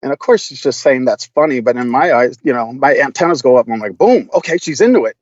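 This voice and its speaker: A man's voice: mid-range voice, quick pace, no echo, dull audio. Laughing, profane man telling stories. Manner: laughs often, swears freely, many restarts. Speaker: podcast guest. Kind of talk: casual storytelling.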